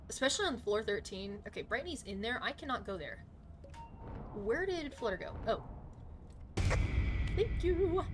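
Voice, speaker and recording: Woman gamer, live commentary, unhurried delivery, faint noise behind, prone to cursing. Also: medium pitch. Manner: chatty, swears often, talks to chat; excitable reactions, sudden outbursts. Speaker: live streamer.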